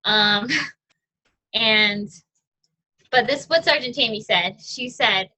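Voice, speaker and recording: A woman's voice: a little high, slow, long pauses, bright, forceful tone, rough recording. A young adult woman, a guest speaker, giving a casual, chatty personal testimony with fillers and frequent laughs.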